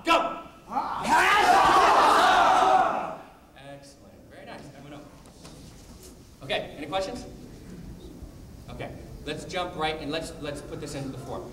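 A man leads a martial arts training class in a brisk coaching manner, explaining technique and calling out drills. His voice sits a little high for a man. He is picked up from a distance in a reverberant hall with clear background noise.

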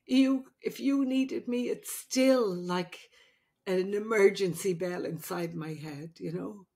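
An older woman talks through tears, slow and halting, with long pauses between her words. Her voice is tender and catches as she speaks to her grown daughter on a podcast. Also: medium pitch, creaky, dark tone. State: crying. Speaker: podcast host, midwife and mother. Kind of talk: emotional heart-to-heart podcast chat.

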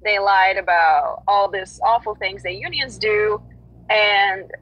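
A woman's voice: medium pitch, takes it slowly. Earnest woman on a dull lo-fi line. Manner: earnest, frank, with many restarts. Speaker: guest, union organizer at a grocery store. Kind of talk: casual conversational storytelling.

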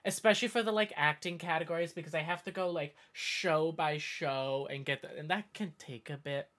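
A man's voice: a little high, moderate pace, fairly bright tone. Northeast us guy rambling on his stream, reading chat, lots of restarts. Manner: rambling, talks in tangents with many self-corrections. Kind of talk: casual live-stream chat.

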